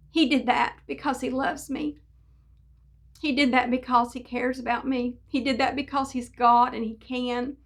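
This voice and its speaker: A woman's voice: fairly high pitch, fairly bright tone. A middle-aged woman giving a personal devotional testimony, telling her story earnestly with fillers and restarts. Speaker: devotional speaker.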